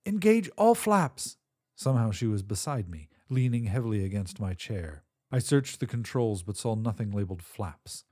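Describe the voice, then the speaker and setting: A man's voice: lowish voice, moderate pace, hardly any pauses, warm tone, no room sound, studio quality. A man reading a first-person sci-fi story aloud as scripted narration, in a tense and dramatic manner.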